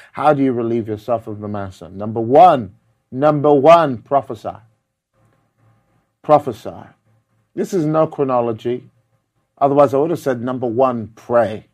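A man delivering a sermon with fervent conviction. He leans on repeated words for emphasis and swings between forceful passages and hushed, deliberate ones. His voice sits at an ordinary middle pitch. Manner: fervent preaching, rising loud at the start then quieter and measured. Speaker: preacher.

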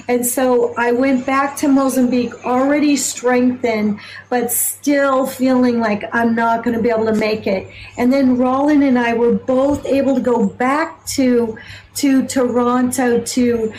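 Woman, missionary, personal testimony; high voice, unhurried delivery, earnest and emphatic. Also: darkish tone, a little hiss or hum, rough recording. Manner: earnest, emphatic storytelling with repeated phrases.

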